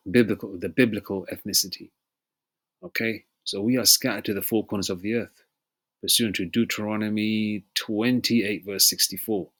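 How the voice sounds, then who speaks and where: A man preaching an informal sermon, reading verses slowly and pausing to ask "you know?" and "okay?" again and again, with throat clearing between passages. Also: on the low side, fairly bright tone. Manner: emphatic, repeats "you know?" and "okay?" often.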